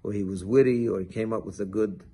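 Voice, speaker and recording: A man, a rabbi, giving a short sermon and telling a story with lively acted-out dialogue. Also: fairly low pitch, quick pace, slightly rough. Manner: animated storytelling, acts out quoted dialogue.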